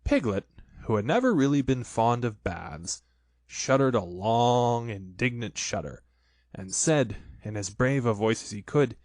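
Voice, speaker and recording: A man narrating a children's storybook in an expressive, lively way. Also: medium pitch, measured pace, no echo.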